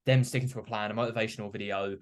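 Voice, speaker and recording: A man's voice: lowish voice, fairly even intonation, rapid-fire. A young man hosting a podcast, talking reflectively in a rambling way full of "you know" and "like". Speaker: podcast host. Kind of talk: casual podcast chat.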